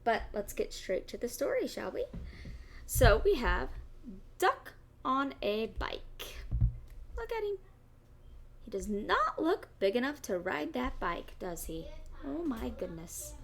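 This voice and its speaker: A woman children's librarian reading a picture book aloud at storytime, animated, asking the kids questions and slipping into gasps and whispers. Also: on the high side, slow pace, creaky, pauses often, slight background noise.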